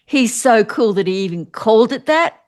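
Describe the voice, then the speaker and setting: A woman's voice: a little high, lively intonation, normal speed. A woman hosting an online spiritual event, chatting effusively and guiding a meditation, with frequent laughs. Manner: bubbly and effusive, laughs often. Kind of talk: guided meditation and livestream chat.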